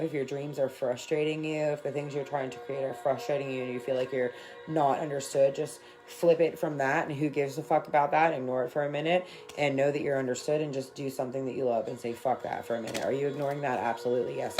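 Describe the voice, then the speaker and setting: A woman with a low voice chats through a tarot livestream in a loose, rambling way. She swears freely and keeps it affectionate and spiritual. Soft music plays faintly behind her. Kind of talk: casual spiritual livestream talk.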